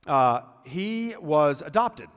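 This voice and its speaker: A man's voice: on the high side, sing-song, takes it slowly, clear, resonant tone, big-room sound. A man preaching a sermon in a conversational way, with joking asides between points. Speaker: pastor.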